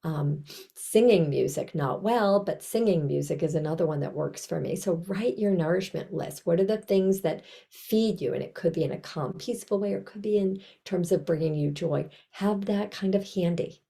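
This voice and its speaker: A woman presenting a trauma training over a video call, teaching in a gentle, reflective, conversational way with soft self-talk asides. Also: on the low side, normal speed, creaky.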